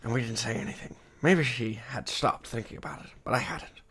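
Noir voiceover: a man playing a brooding hard-boiled insurance man, gravelly and through the teeth, half whispered in spots. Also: mid-range voice, fairly quick, fairly bright tone. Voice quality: gravelly, spoken through the teeth, mock-theatrical. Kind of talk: film noir voiceover impression.

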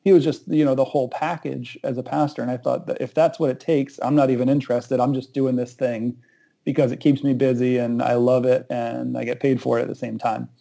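A man, a pastor, earnestly telling the story of his calling in casual conversation, jumping higher when he quotes others. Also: brisk, creaky, poor audio. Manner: earnest, reflective, with animated quoted asides.

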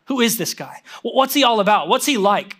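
A young adult man preaching a sermon as a pastor, animated and conversational, with lots of casual fillers. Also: sits high, a little fast.

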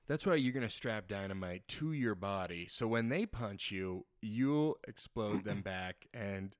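Lively joking man, dry close sound. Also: lowish voice, no room sound. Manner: riffing, laughing, quick asides. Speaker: podcast co-host. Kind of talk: comedic casual chat.

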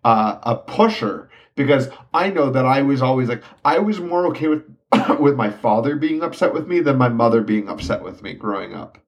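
Podcast host: an average-pitched man, thoughtful and analytical in casual chat. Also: expressive, normal speed, few pauses, breathy edge. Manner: reflective, analytical, uses clinical terms.

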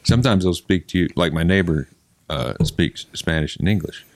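A man with a low voice shares easygoing anecdotes in a casual podcast chat. His speech is unhurried and sometimes trails off, in a dry, close recording. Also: no echo.

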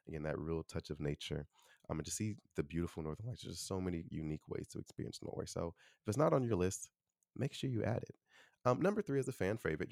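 A young man from Chicago hosts a casual solo podcast in a deep, low voice. He talks quickly and loosely, filling his sentences with easygoing asides. The recording is close and dry, with no room echo. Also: vocal fry, darkish tone. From Chicago, USA. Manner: chatty, loose, full of "you know" and "like". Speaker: podcast host.

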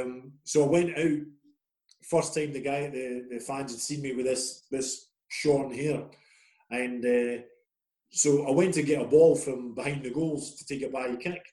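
Scottish male, middle-aged, ex-player guest, rambling anecdotal storyteller, mid pitch, roomy echoey recording. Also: mellow. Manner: rambling, self-deprecating storyteller. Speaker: former footballer guest. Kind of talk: casual anecdotal interview.

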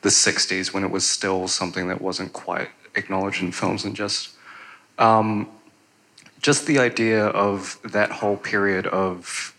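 A man in the audience asking a long, hesitant question, with many pauses and fillers. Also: low-pitched, little pitch movement, bright, forceful tone, low-quality recording. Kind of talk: rambling spoken question.

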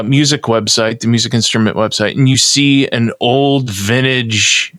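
A man's voice: fairly low pitch, fairly bright tone, dry recording, studio quality. A man co-hosting a podcast, introducing a game segment in a mock announcer tone and explaining it unhurriedly. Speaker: podcast co-host.

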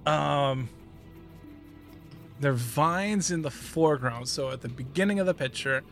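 A man guessing cards on a casual stream, talking in halting starts and cracking jokes. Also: fairly high pitch, fairly bright tone, faint music behind. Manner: halting, joking. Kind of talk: casual live-stream chat.

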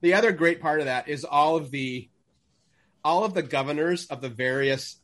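A man's voice: fairly high pitch, normal speed, a bit bright. A man co-hosting a podcast in casual chat, a jokey storyteller who acts out movie lines. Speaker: podcast co-host.

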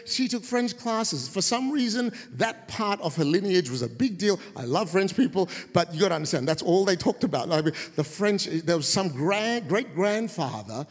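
A man preaching a humorous sermon, telling stories and acting out quoted voices in a high shout. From of Indian heritage. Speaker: guest preacher. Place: church auditorium. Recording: reverberant church hall.

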